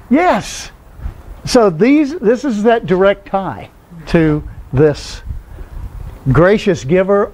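A man leading a Bible class, asking the group questions and often answering them himself. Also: high voice. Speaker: Bible study teacher. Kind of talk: conversational Bible teaching.

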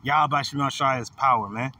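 Man, bible study leader, animated slangy teaching, bright voice, distant mic. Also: medium pitch, racing. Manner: animated, laughing, slangy asides. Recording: distant mic with light noise.

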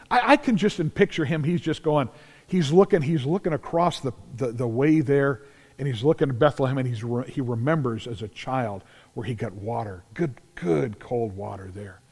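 A man preaching a sermon as pastor, telling Bible stories in an animated way and acting out the scenes. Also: mid-range voice, moderate pace. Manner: animated storytelling, acts out scenes, shouts at climaxes. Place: large church sanctuary. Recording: long church reverb.

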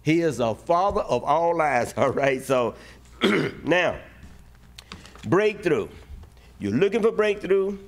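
A male pastor preaching a sermon in animated style, using a relaxed dialect and acting out short voiced asides. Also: a little high, slow pace, pauses often.

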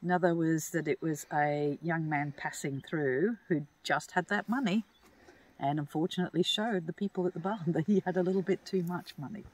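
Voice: mid-range voice, normal speed. An Australian speaker chatting casually outdoors, guiding a look around old ruins in a rambling way with restarts and chuckles. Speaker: paranormal investigator guide. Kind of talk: casual on-site chat.

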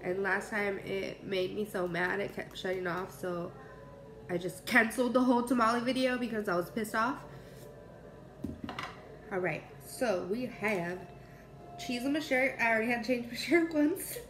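A woman's voice: medium pitch, moderate pace, fairly bright tone. Young woman, pregnant, cooking vlog, casual rambling chat, laughs a lot, home kitchen, camera mic, faint background noise. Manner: chatty, laughs often, rambling. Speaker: cooking vlogger.

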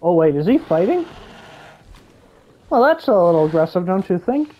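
A woman giving excitable gameplay commentary, gasping and exclaiming as she reacts. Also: fairly low pitch, normal speed, muffled recording. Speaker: gaming YouTuber.

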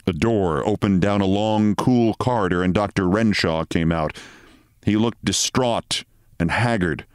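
Male host, story reading, low voice, measured and expressive. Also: dry recording, clean studio sound.

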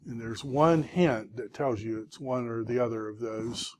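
A man's voice: medium pitch, unhurried, darkish tone. A man teaching a classroom review, sounding words out syllable by syllable with patient encouragement. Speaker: Hebrew teacher.

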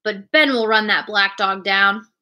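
A woman voicing a jovial, strong, one-legged pirate innkeeper, a tall man, with hearty, booming old sailor talk. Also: measured pace, sharp tone.

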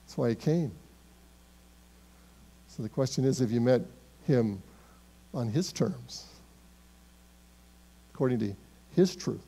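A man preaching a sermon as pastor in a church, emphatic and swinging between loud declarations and hushed, quiet words. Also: medium pitch, lively intonation, slow, vocal fry, long pauses. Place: church sanctuary.

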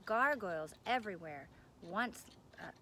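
Woman reader doing scared male gargoyles, storybook creatures, moaning, hushed whispers. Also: medium pitch, lively intonation, measured pace, slight background noise. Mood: mournful. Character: frightened stone gargoyle brothers, male.

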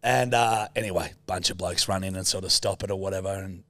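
A man's voice: sits low, brisk, fairly bright tone. A young Australian man co-hosting a podcast, telling a rambling anecdote in casual chat and swearing a lot. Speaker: podcast co-host.

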